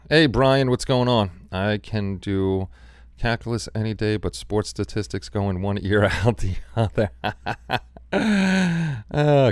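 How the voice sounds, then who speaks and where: A man with a very low, smooth and resonant voice hosts a casual live stream and chats with his viewers. He rambles from one thing to the next and answers people by name. The sound is dry and close, with almost no room echo. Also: a little mellow. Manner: rambling, chatty, talks back to chat by name. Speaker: live stream host reading chat.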